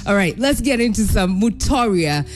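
A woman's voice: mid-range voice, lively intonation, moderate pace, faint music behind. A woman radio DJ chatting casually on air, giggly and self-mocking. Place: radio studio.

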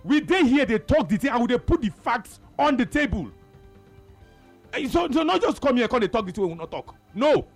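Nigerian radio host guy, high and bouncy voice, keeps repeating his point, faint music under. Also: very animated, a little fast. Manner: forceful, lecturing, repeats himself. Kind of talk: heated call-in radio debate.

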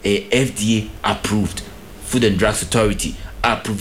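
Upbeat Ghanaian radio sports presenter. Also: male voice, on the low side, fairly even intonation, moderate pace, slight background noise. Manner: upbeat, playful salesman patter with repetition. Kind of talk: radio sports update with live ad read.

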